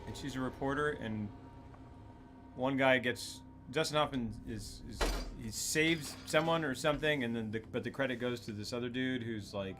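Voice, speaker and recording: A man's voice: medium pitch, moderate pace, noisy background. A man co-hosting a gaming stream, chatting casually in a rambling, enthusiastic way with frequent hesitations. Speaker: streamer co-host.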